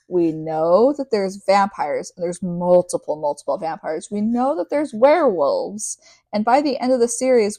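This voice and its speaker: A young woman reads passages from a novel and keeps drifting into loose, chatty asides, leaning hard on "like". Her pitch sits in the middle of the range. The recording is very dry, with no room sound at all. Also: warm tone, no echo. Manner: chatty, rambling, heavy use of "like". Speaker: podcast host. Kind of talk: reading a novel aloud with casual commentary.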